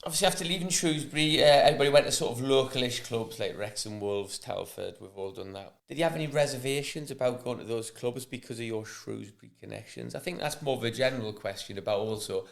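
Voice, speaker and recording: A middle-aged man co-hosts a casual podcast, reading out listener questions in a relaxed, chuckling way. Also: mid-range voice, quick pace, creaky, few pauses. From Newcastle, England.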